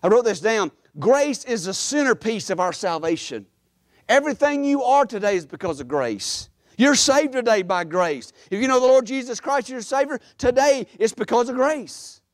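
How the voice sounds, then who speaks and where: A man delivers a sermon as a pastor. His voice sits high for a man and he stacks repeated phrases for emphasis. The sound is close and dry. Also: sing-song, normal speed, no echo. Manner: preaching with rising emphasis and repetition. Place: church.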